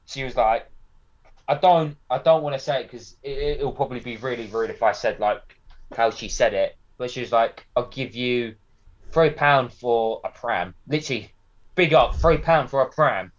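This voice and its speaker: A young man from Yorkshire with a Yorkshire accent, co-hosting a podcast in casual chat and telling jokey, animated stories. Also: medium pitch, normal speed. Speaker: podcast co-host. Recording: slightly dull lo-fi sound.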